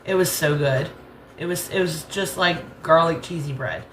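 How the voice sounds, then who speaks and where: This cooking channel host is an American woman with a rural Southern accent who chats and rambles while cooking at home, laughing readily. She speaks at normal speed in a low register. The sound is roomy and carries a faint hiss or hum.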